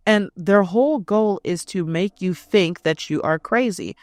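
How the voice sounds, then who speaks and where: A woman's voice: medium pitch, moderate pace, hardly any pauses, no room sound, clean studio sound. Blunt, profane woman podcast host. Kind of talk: casual storytelling.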